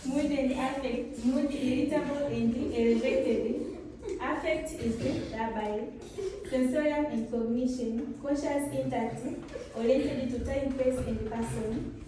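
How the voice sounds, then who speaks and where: A woman's voice: fairly high pitch, warm tone, slight background noise. A woman, a nursing student, reading a clinical case report aloud in a classroom, listing findings in short clipped phrases. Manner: reads clipped clinical lists, mixes in Swahili. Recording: echoey room from far off.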